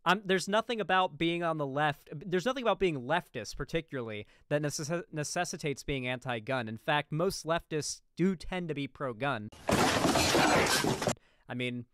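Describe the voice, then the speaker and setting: A man's voice: fairly high pitch, expressive, moderate pace, a bit bright, clear, resonant tone, no echo, clean studio sound. A man streaming, reacting to a video in casual, rambling chat full of restarts and asides.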